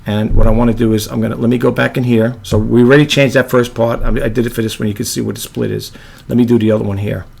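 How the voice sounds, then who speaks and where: A man with a low monotone voice, hosting a casual video editing tutorial and rambling with apologetic asides. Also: quick pace, gravelly. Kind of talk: casual screen-recorded tutorial.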